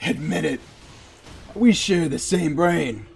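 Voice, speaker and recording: A man's voice: a little high, slow pace, vocal fry, breathy edge, exaggerated voice. A man voicing his own smug male future self, mock-ominous with an attempted Irish lilt. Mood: teasing. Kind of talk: streamer putting on a voice.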